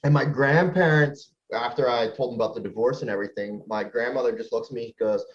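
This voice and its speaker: A man's voice: mid-range voice, fast talker, lo-fi sound. A man co-hosting a podcast, casually telling a story with plenty of fillers. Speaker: podcast co-host.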